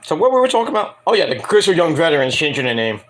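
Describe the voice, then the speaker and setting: A wrestling review show host rambles through a casual, self-deprecating story, acting out quotes and swearing freely. His voice is on the high side, sing-song and very fast.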